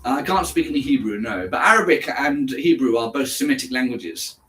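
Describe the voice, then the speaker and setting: Reading his chat aloud, an English livestreamer, native in English, replies casually to viewers by name and now and then switches into German. His mid-range voice sounds a bit bright, with lively intonation and a fairly quick pace.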